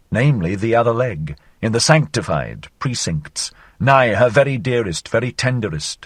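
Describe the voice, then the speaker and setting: A man's voice: breathy edge, no echo. Theatrical male audiobook reader, dry sound. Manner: theatrical, sweeping changes of pitch and loudness. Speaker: audiobook narrator. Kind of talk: reading a philosophical novel aloud.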